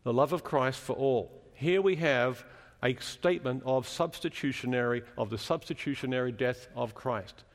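A man's voice: mid-range voice, moderate pace, long reverb tail. A man preaching a sermon in a chapel, explaining scripture and asking the congregation questions as he teaches.

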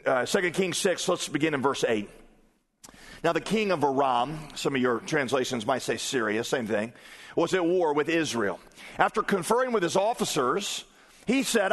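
A male pastor with a slightly high voice preaches in an easygoing, conversational way. He reads scripture aloud and acts out the voices in it. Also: a bit bright. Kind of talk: sermon.

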